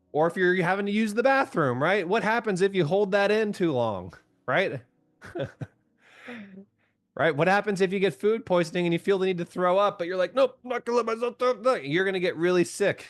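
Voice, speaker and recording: A man leading a group call as a coach, chatting casually, asking his listeners questions and laughing often. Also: sits high. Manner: chatty, asks the audience questions, laughs often, keeps saying "right?"; reads out and answers viewers' comments by name.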